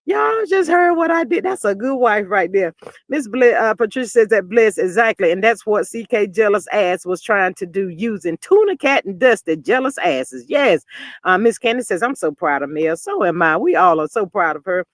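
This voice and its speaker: A man hosting a live stream, giving sassy, animated gossip commentary and reading chat comments aloud. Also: high-pitched, moderate pace, dry recording. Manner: sassy and animated, often calling listeners "child". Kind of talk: casual gossip commentary on a reality show.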